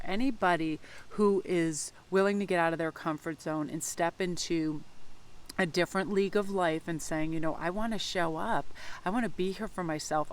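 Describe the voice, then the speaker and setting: A woman tarot reader talking casually to her viewers in a vlog, effusive and rambling with lots of fillers. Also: lowish voice.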